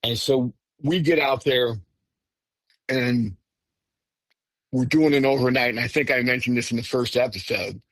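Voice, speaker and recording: A man telling his own story as a podcast guest in a casual, animated way, often breaking off and restarting. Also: mid-range voice, unhurried, long pauses, no echo. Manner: animated, self-interrupting, says "frickin'". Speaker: podcast guest recounting encounters.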